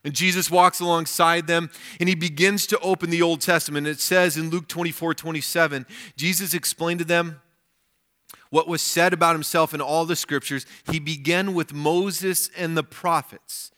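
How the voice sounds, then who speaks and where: A man's voice: fairly high pitch, steady tone, moderate pace, pushed and bright. A male pastor giving a weekend sermon, reading scripture aloud and commenting on it.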